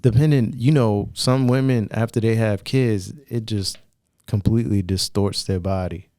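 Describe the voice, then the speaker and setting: A man's voice: lowish voice, normal speed, no echo. A man, a plastic surgeon, chatting casually on a podcast, joking and filling his talk with "like". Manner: relaxed, joking, many "like" fillers.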